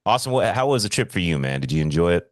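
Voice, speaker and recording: A man co-hosting a podcast in casual chat, excitable and swearing freely, swinging between loud bursts and hushed asides. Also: sits low, fast, no room sound, clean studio sound. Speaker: podcast co-host.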